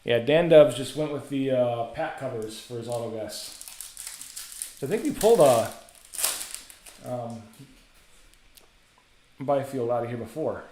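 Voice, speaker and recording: A man's voice: medium pitch, expressive, unhurried, pauses often, warm tone, reverberant, a little hiss or hum. Chatty man hosting a card break. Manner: casual, chatty, rattles off names. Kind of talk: live card-break commentary.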